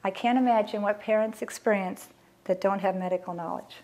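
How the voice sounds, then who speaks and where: A woman's voice: mid-range voice, steady tone, brisk, darkish tone. Earnest middle-aged woman telling a personal story. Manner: emotional, earnest, acts out past conversations. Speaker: mother telling her family's story.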